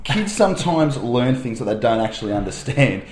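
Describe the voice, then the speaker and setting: A man's voice: medium pitch, fairly quick, roomy sound, crowd noise. A young Australian man, a primary school teacher, telling a rambling anecdote on a chat podcast with lots of fillers. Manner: rambling, animated storyteller with fillers.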